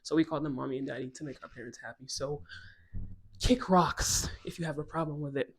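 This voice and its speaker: A woman in her twenties from West Africa, telling a personal story to her viewers in a chatty, animated way, laughing often and going off on asides. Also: sits low, fast. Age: 20s. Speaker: storytime vlogger. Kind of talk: casual storytelling to camera.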